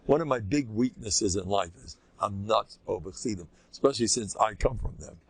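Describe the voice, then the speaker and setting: An older man, a rabbi, giving an informal, animated Torah lecture with a conversational, joking delivery. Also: brisk, slightly rough, no echo. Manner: animated and conversational, swinging pitch, jokes with listeners. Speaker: rabbi teaching a class.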